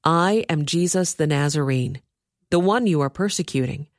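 Woman reader giving a solemn, firm divine voice, low and dry. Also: normal speed, no room sound. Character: calm commanding male divine voice.

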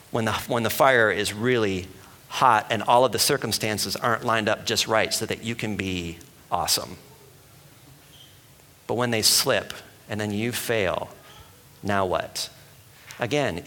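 A man giving a sermon as a pastor, talking in a conversational and animated way and asking the room questions. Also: lowish voice. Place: church hall with an audience. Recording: long hall reverb.

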